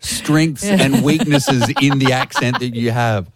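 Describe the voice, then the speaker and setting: A man's voice: medium pitch, big pitch swings, takes it slowly, gravelly, no echo. Man, radio host, dry close studio sound, playful teasing delivery. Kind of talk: casual radio chat.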